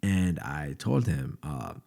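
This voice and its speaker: A man's voice: a bass voice, very animated, slow, creaky, mellow. A young man hosting an interview, telling a story in a hesitant way with many ums and light laughs. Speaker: podcast host.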